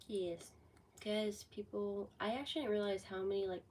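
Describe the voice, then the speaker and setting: A sixteen-year-old girl chatting casually on a livestream, rambling with lots of "like", her voice a bit hoarse from a cold. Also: medium pitch, fairly even intonation, normal speed, a little mellow, recorded from a distance, slight background noise, rough recording. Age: teens. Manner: rambling, heavy use of "like". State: sick with a cold, voice going hoarse. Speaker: livestreamer answering chat.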